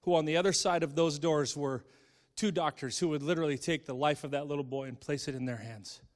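A middle-aged man telling an emotional story from the pulpit, moving between hushed and impassioned delivery. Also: a little high, brisk, long reverb tail. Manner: dramatic, swings from hushed to impassioned. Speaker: speaker.

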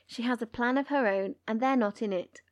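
A woman's voice: fairly high pitch, brisk, dry recording. A woman co-hosting a book podcast, recapping chapters and reading passages aloud with character voices. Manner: reads dialogue in character voices.

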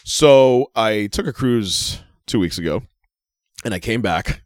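A man's voice: on the low side, slow, smooth, no room sound, clean studio sound. A man co-hosting a wrestling podcast in casual chat, ranting and swearing with lots of laughter. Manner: animated, swearing, laughing ranter. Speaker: podcast co-host.

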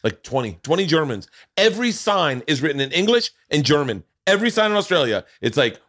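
A man's voice: on the high side, big pitch swings, brisk, few pauses, fairly bright tone. A man hosting a podcast, rambling and joking with plenty of swearing in casual chat. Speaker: podcast host.

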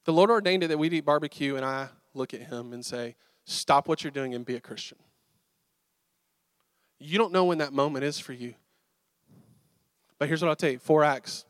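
A man preaching a sermon, telling stories in a casual, animated, conversational way. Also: on the high side, brisk, smooth, dry recording, studio quality. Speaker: pastor.

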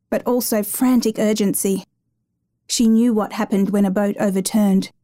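A woman narrates a dramatic true rescue story in a measured, even reading. Her voice is mellow and warm, at a middle pitch.

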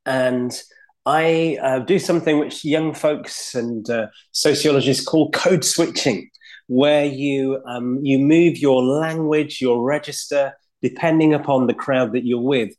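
A clergyman from Leeds with a Yorkshire accent, telling stories from his own life in a relaxed, reflective way with frequent pauses. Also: mid-range voice. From Leeds, England. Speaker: guest, clergyman. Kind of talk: conversational storytelling.

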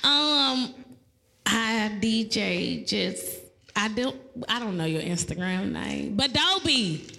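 A woman, hosting a live podcast in loud, laughing, casual banter and swearing freely. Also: mid-range voice, animated, slow, creaky, slight background noise, low-quality recording. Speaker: podcast host.

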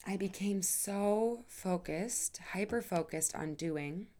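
A woman's voice: medium pitch, takes it slowly, warm tone. A woman hosting her own podcast, talking earnestly and emphatically, drawing out her phrases, sighing now and then, and swearing casually. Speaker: podcast host. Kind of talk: personal podcast monologue.

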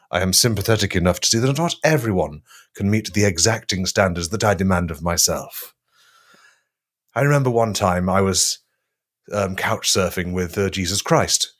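A man with a lowish voice tells a ridiculous tale in grand, self-important deadpan. His pitch rolls up and down as he performs a comedy podcast bit, dry and straight-faced throughout. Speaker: podcast co-host. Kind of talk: comic storytelling.

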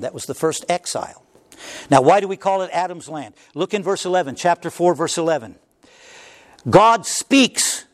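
A man preaching a sermon, swinging from hushed passages to loud, impassioned cries at the climaxes. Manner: preaching with dramatic swings in pitch, crying out at climaxes. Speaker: pastor.

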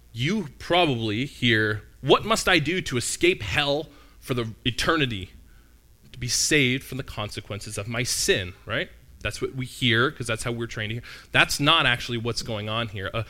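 A man's voice: medium pitch, bright, forceful tone. A man preaching a sermon in a conversational, storytelling way, often asking the listeners questions.

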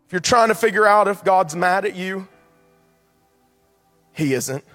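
A male pastor preaching an impassioned sermon in a church sanctuary, building to loud appeals. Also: high voice, animated, measured pace. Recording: long hall reverb, faint music.

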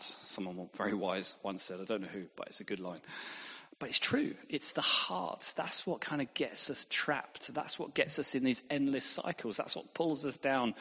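A man's voice: mid-range voice, a bit bright. A man preaching a sermon. He mixes in anecdotes and self-deprecating humour. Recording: long hall reverb.

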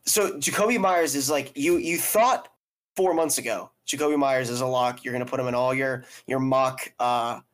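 A man's voice: mid-range voice, fairly even intonation, normal speed. A young man co-hosting a casual sports podcast, emphatic and peppering his talk with "dude". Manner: emphatic, says "dude" a lot. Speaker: podcast co-host.

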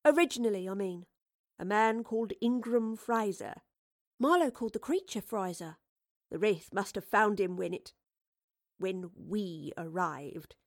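A woman's voice: medium pitch, no echo, clean studio sound, natural voice. Woman voicing a troubled scholarly woman. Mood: earnest, troubled. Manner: earnest, reflective, measured. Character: thoughtful, troubled female time-traveling scholar.

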